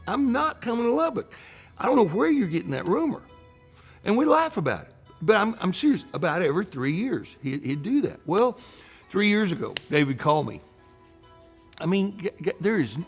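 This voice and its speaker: Animated banker telling a story. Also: male voice, on the high side. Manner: animated, acts out dialogue, frequent restarts. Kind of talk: storytelling talk.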